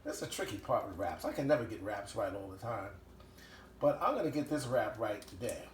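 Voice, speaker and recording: A man's voice: on the low side, expressive, a little fast, roomy sound, a little hiss or hum. A man hosting a casual home cooking show, talking chattily and enthusiastically with lots of fillers as he works in his kitchen.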